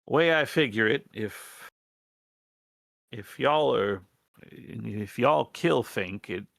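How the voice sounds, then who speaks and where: A man plays an earnest female rat rebel who asks a band of strangers for help, her folksy speech halting and full of false starts. Her voice sits at an ordinary pitch and is recorded dry and close, with no room sound. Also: expressive, vocal fry, fairly bright tone, no room sound, full character voice. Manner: halting, hesitant, folksy drawl with many restarts. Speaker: game master. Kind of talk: in-character role-play in a tabletop game.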